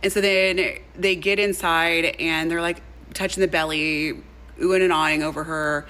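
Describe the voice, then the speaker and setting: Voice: mid-range voice, steady tone, normal speed, bright, forceful tone, low-quality recording. A speaker from a played clip retelling a story in a chatty, gossipy way. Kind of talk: casual storytime.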